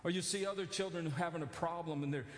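A man preaching a sermon as pastor, animated, building to near-shouted emphasis with joking asides. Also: on the high side, fast. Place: church sanctuary. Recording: echoey church hall.

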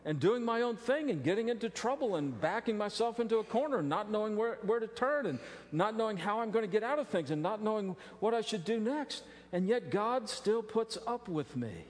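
A middle-aged male pastor preaching a sermon, animated and joking, with frequent restarts. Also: high-pitched. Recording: long reverb of a large hall.

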